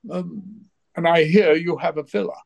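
A man putting on an elderly, genteel stage actor, fussy and put-upon about his money. The voice rises well above a normal speaking pitch and stays plummy and refined. He sounds aggrieved. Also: fairly even intonation, normal speed, vocal fry, a little mellow, rough recording. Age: older.

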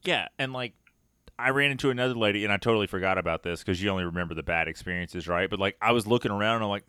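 A man co-hosting a podcast, telling a trail story in a profane, animated way and acting out the exchanges. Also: mid-range voice, rapid-fire, clean tone, no echo, studio quality. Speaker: podcast co-host. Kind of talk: casual chat, storytelling rant.

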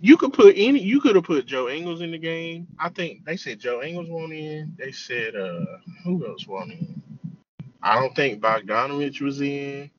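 A man co-hosting a casual basketball podcast, laying out arguments in a measured way. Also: fairly high pitch, lively intonation, lo-fi sound.

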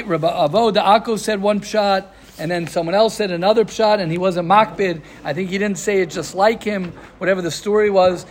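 A man teaches a casual Torah lesson in a high-pitched voice. He acts out the quotes and drops Hebrew and Yiddish terms as he goes. A faint hiss runs underneath. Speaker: rabbi teaching a class.

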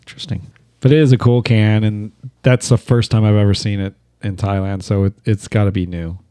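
A man with a low, warm, mellow voice who chats in a relaxed way. He tells easygoing stories and laughs at them himself, and the recording is dry and close. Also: brisk, clear, resonant tone, no room sound. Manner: laid-back, laughs at his own stories. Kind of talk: casual chat, storytelling.

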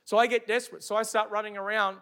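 Man, pastor, sermon, very high voice, bright and forceful, emphatic, asks the congregation questions. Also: flat delivery, fast talker. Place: church service before a congregation.

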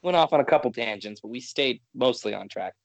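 A man's voice: medium pitch, expressive, brisk, vocal fry, dry recording, dull audio. A man from Canada co-hosting a podcast, chatting casually and ranting with exasperation. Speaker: podcast co-host. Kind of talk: casual chat.

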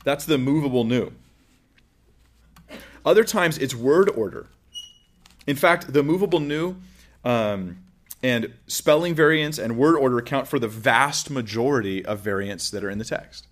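A man's voice: medium pitch, animated, unhurried, pauses often. A man giving an informal lecture, explaining with everyday examples in a conversational way. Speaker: teacher.

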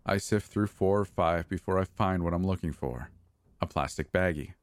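Deep-voiced man narrating horror. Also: dry recording. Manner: grim, measured first-person storytelling.

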